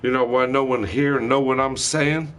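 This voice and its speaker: A man's voice: mid-range voice, steady tone, normal speed, fairly bright tone. A man delivering a rambling, angry monologue, swearing heavily and hurling accusations. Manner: heated, profane, accusatory ranting.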